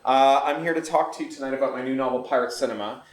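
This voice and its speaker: Fast-talking author in echoey room. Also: male voice, medium pitch. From Canada. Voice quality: fast, articulate, explanatory. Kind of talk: book talk at a bookstore event. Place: bookstore event room. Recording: echoey room recorded from far off.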